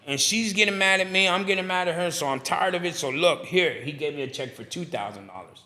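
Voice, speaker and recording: A man, animated, telling his story in a casual interview and acting out other voices. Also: sits high, a little fast, hardly any pauses. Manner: animated, preachy storyteller who acts out dialogue. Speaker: barbershop owner and guest.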